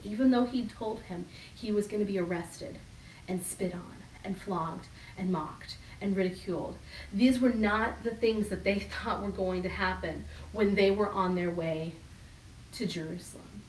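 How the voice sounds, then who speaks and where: A middle-aged woman pastor preaching a sermon, animated and laughing as she acts out quoted voices. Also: mid-range voice, recorded from a distance, a little hiss or hum. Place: church hall. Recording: echoey room from off mic.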